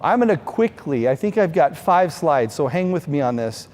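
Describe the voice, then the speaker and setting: A middle-aged man tells a heartfelt story to a benefit audience, earnest and sincere. His voice sits a little high yet sounds mellow and soft-edged. A long hall reverb trails behind every phrase. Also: sing-song, normal speed. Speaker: benefit event speaker. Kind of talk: storytelling speech.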